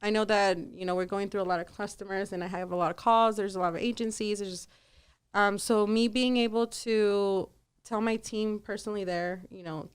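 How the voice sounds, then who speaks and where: A woman's voice: mid-range voice, fairly even intonation, brisk, smooth. A woman, managing a car-buying team, talking casually in a podcast interview, chatty with lots of fillers. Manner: chatty, laughs often, many fillers. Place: podcast studio.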